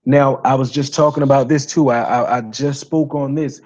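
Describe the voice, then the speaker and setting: A man with a raspy voice giving a casual singing lesson to viewers, rambling, repeating himself and saying "you know" and "guys" often. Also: medium pitch, fairly even intonation, moderate pace, darkish tone, highs cut off. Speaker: singing coach.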